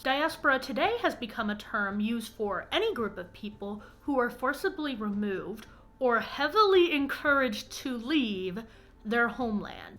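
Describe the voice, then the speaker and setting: A woman's voice: a little high, fairly bright tone. A woman hosting an educational vlog, explaining an anthropology topic with self-mocking, nitpicking asides. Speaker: anthropology video creator.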